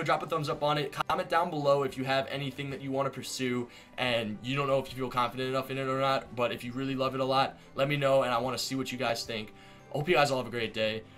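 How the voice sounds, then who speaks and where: A young man telling a story to camera in a casual vlog, animated and exaggerated, slipping into voices as he retells it. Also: medium pitch. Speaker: vlogger.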